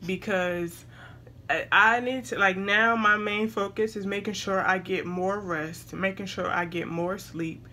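A woman's voice: medium pitch, steady tone, measured pace, sharp tone. A young woman vlogging casually at home, chatting to viewers and breaking off to talk to her baby. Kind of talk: casual chat to camera.

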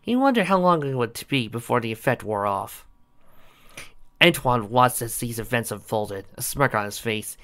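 A man narrating a fan-made story, reading aloud with animated delivery. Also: mid-range voice, moderate pace.

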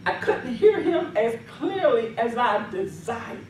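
A woman's voice: a little high, sing-song, slow pace, a little mellow, recorded from a distance, a little hiss or hum. Fervent woman preaching in an echoey hall. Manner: fervent, repetitive commanding cries. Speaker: deliverance minister. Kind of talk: testimony and deliverance prayer.

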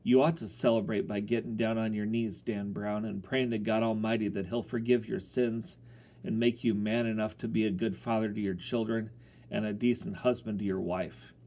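A man voicing a tall, strong farmer father who scolds roughly in a storybook reading. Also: lowish voice, steady tone, moderate pace, warm tone, natural voice. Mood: scolding.

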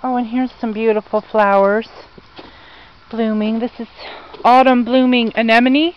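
Slow, chatty woman touring her garden. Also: on the high side, little pitch movement, dull audio, a little hiss or hum. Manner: chatty, gushing over plants, talks to viewers. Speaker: vlogger giving a garden tour. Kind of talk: casual meandering garden walk-through. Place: outdoor garden.

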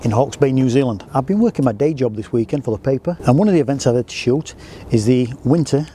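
A man's voice: medium pitch, quick pace, mellow, a little hiss or hum. A man who works as a photographer, talking in a casual, enthusiastic vlog and often restarting his sentences. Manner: chatty and enthusiastic, with frequent restarts.

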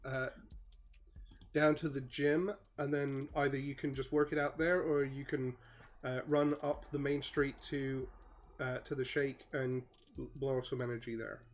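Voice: mid-range voice, flat delivery, unhurried, lightly acted. An upbeat small-town mom, as the game master puts her on. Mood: helpful. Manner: soothing, chatty reassurance. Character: upbeat suburban mother of a teen girl. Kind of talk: tabletop role-play.

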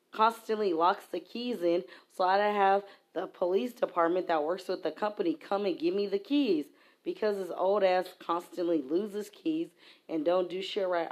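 A woman's voice: fairly low pitch, a little mellow. Heated, profane woman ranting. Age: adult. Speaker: vlogger. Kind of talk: angry rant to camera.

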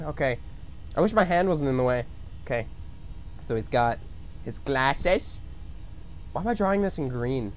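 A young man live-streaming while he draws, joking about his work and breaking into excited shouts. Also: medium pitch, normal speed, long pauses. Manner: excitable, bursts into shouts and laughs; joking self-commentary. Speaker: livestreamer. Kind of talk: live-streamed drawing chat.

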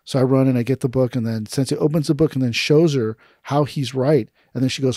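A man's voice: mid-range voice, quick pace, dry recording, clean studio sound. A man who teaches aikido, telling stories in a casual podcast conversation and acting out the people he quotes. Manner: storytelling, animated when quoting others.

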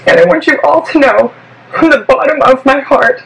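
A woman's voice: high-pitched, animated, normal speed, creaky, fairly bright tone, rough recording. A woman news anchor giving a tearful on-air apology, voice shaky with emotion.

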